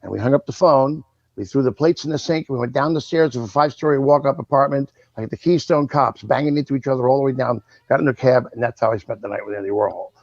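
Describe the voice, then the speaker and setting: A man in his sixties spins animated anecdotes as a guest, slipping into the voices of the people in his stories. His voice sounds close and dry, with no room around it. It comes through the muffled, lo-fi sound of a video call. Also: mid-range voice, quick pace, no room sound. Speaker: guest, original cast member. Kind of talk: anecdotal storytelling.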